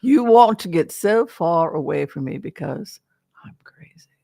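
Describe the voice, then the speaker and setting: A woman putting on the voice of a self-styled crazy woman, taunting in a slow, whispery, half-whispered way. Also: deep voice, lively intonation, creaky, a little mellow, slightly rough, no echo, exaggerated voice.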